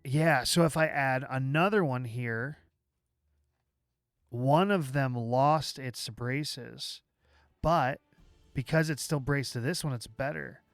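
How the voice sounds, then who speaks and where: A man hosting a livestream, walking through software live while thinking aloud, with halting restarts, and chatting with viewers as he works. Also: mid-range voice, no echo, faint music behind. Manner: chats with viewers while working. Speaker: livestream host.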